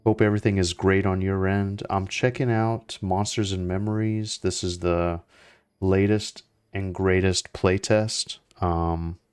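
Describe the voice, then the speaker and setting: A young man chatting casually as he plays, relaxed and rambling with lots of fillers and restarts. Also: low voice, measured pace, clear, resonant tone. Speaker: gaming streamer. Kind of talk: casual gameplay commentary.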